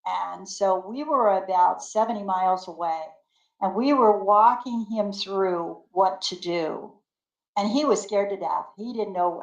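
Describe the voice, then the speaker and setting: An older woman spins homey anecdotes with gusto, her voice mid-pitched and lively as she acts out what everyone said. She laughs easily between lines. The sound carries the echo of a bare room. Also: dull audio. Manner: animated storyteller acting out quotes, laughing often. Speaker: guest. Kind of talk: casual storytelling interview.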